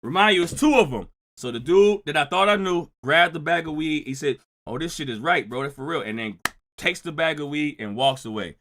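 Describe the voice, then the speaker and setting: A man's voice: a little high, expressive, a little fast, a bit bright. A man telling a personal story in a casual, profane, slangy way, often checking in with "right?". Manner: keeps adding "right?" to check with listeners.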